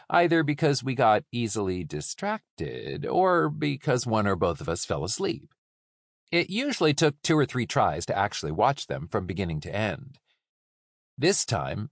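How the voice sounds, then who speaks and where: A man narrating a first-person audiobook in a calm, measured storytelling manner. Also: mid-range voice, dry recording, clean studio sound.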